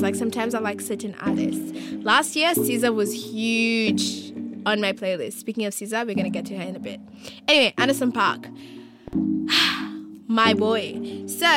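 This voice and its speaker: Chatty young woman over loud music. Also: medium pitch. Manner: animated, slangy, quick asides. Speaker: vlogger. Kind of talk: casual story-time chat.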